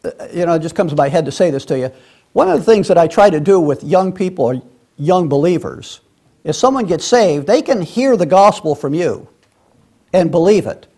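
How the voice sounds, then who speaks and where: Man, high-pitched voice, Bible class teacher, conversational, restarts and asides. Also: animated, moderate pace, mellow, breathy edge. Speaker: preacher teaching a Sunday school class. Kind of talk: Bible teaching, reading scripture aloud.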